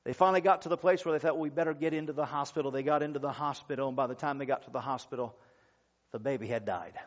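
A man preaching a sermon as pastor, telling a story in an earnest, measured way with drawn-out pauses. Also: mid-range voice. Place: church service. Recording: dull lo-fi sermon recording.

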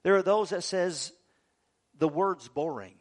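A middle-aged male pastor preaching a sermon, swinging from quiet talk to loud shouted quotes. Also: high-pitched, lively intonation, measured pace.

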